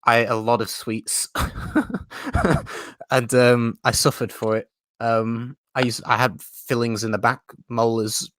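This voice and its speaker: A man's voice: mid-range voice, little pitch movement, measured pace, a bit bright, dry recording, clean studio sound. A man hosting a live stream chat, talking in a chatty, self-mocking way and laughing often. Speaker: host.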